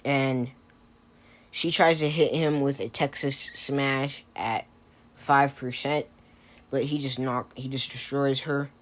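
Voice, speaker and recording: A man improvises a fan-fiction story aloud, stopping and restarting often. He talks slowly and casually, with a middling pitch and frequent fillers. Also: steady tone. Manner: hesitant, many fillers and restarts.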